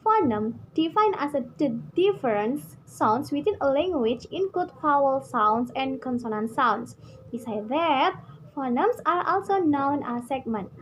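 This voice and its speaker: A woman's voice: high-pitched, highs cut off, a little hiss or hum. A young woman with an Indonesian accent, carefully explaining slides in a class presentation. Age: young adult. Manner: slow and careful, with repeated list phrases. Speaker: student presenter.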